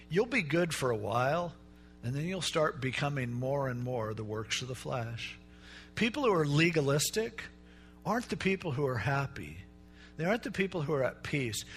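A middle-aged male pastor preaching a sermon in a relaxed, conversational way, telling stories and acting out the people in them. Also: a little high. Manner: conversational storytelling preacher, acts out quoted voices.

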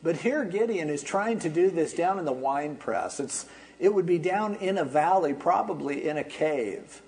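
A man's voice: fairly high pitch, animated, moderate pace, darkish tone, low-quality recording. A man pastor preaching an expository sermon, explaining in a conversational way with wry asides.

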